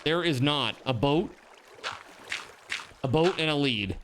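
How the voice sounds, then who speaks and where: A man's voice: fairly high pitch, lively intonation, slow pace, noisy background. Chatty laughing male game streamer. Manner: laughs often while telling stories, reads chat aloud. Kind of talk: casual gaming stream chat.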